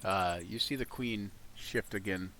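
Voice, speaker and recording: A man's voice: fairly low pitch, a bit bright, slight background noise. A man narrating a tabletop game as game master, hesitant and full of restarts. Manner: halting, full of restarts and fillers.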